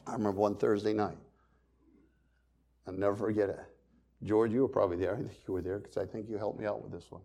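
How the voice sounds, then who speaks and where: A man pastor preaching a sermon, swinging between loud emphasis and quiet, hushed storytelling. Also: fairly low pitch, little pitch movement, quick pace, pauses often.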